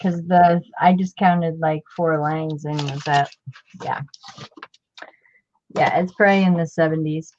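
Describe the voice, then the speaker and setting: A woman's voice: low voice, steady tone, a little slow, pauses often, a little mellow, lo-fi sound. A woman hosting a casual crafting chat, rambling and interrupting herself as she works. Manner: rambling, self-interrupting, chatty. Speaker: craft channel host.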